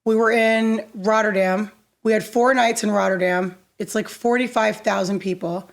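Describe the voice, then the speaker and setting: A woman guest on an interview show, telling stories in a lively, animated way, laughing often and acting out quoted voices. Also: mid-range voice, moderate pace, creaky. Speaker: musician guest. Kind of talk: casual interview storytelling.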